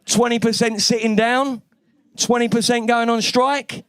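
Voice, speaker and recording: A man's voice: very high-pitched, flat delivery, a little slow, clear, resonant tone, dry recording. A man from East London with a London accent, doing a brash, cheeky stand-up comedy set on a club stage with lots of swearing.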